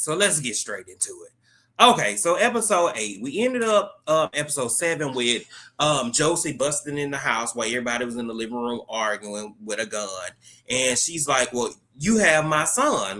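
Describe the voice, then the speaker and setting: A man's voice: mid-range voice, bright, forceful tone. A man hosting his own channel, casually recapping a TV episode in a slangy, joking way as he retells the plot's dialogue.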